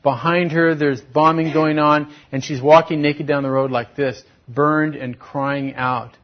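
A man preaching a sermon as pastor, swinging from loud exhortation to hushed, intimate tones. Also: a little high, steady tone, measured pace, dull audio.

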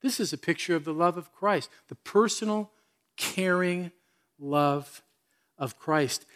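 A man's voice: sits high, unhurried, fairly bright tone. Earnest male pastor preaching. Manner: earnest, emphatic preaching with questions to the congregation. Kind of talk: sermon.

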